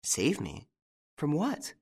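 A man's voice: on the high side, huge pitch swings, slow pace, darkish tone, breathy edge, voice pushed up, heavily acted. A man reading an audiobook, voicing an anxious, frightened young French woman from a country estate in a raised voice. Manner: anxious, breathless and pleading.

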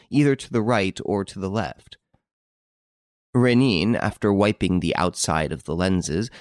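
A man reads a classic novel aloud with a fairly low voice and a lively, animated storytelling manner. The close, dry recording leaves no room sound at all. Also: dry recording. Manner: expressive, varied storytelling delivery. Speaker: audiobook narrator. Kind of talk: scripted narration.

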